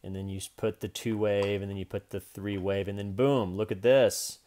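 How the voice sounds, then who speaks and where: A man's voice: lowish voice, fairly even intonation, moderate pace, warm tone. A man in his forties giving a loose, joking video lesson on day trading, with profane asides. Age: 40s.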